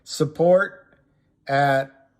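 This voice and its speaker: A man hosting a casual livestream, chatting slowly and rambling while reading viewer comments aloud. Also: on the high side, a little mellow. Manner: slow, rambling, reads chat comments aloud. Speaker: livestream host. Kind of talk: casual livestream chat about stocks.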